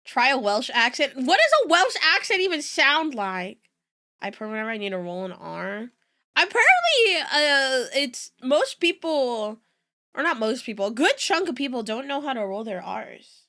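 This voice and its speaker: Her high voice has a sing-song quality, pushed and bright, delivered at normal speed. The young adult woman, a native Spanish speaker, chats casually with her stream audience, rambling and giggling between asides as in a casual reaction stream.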